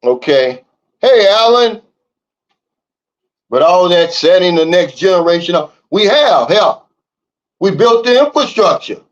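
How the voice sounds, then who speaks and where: A man's voice: sits high, big pitch swings, a little slow, long pauses, highs cut off. A man hosting a livestream, reading the chat and ranting in a blunt, fired-up way. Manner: fired-up, blunt, repeats "Big Dog" and "okay?". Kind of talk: casual livestream talk. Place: living in the Philippines.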